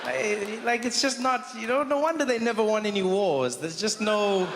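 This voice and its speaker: A male stand-up comedian performs on stage through a handheld mic, in a wry voice that breaks off and restarts with asides. His voice is high for a man. A long reverb fills the hall, and faint ambience sits underneath. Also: normal speed, hardly any pauses, noisy background. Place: comedy stage in a large venue.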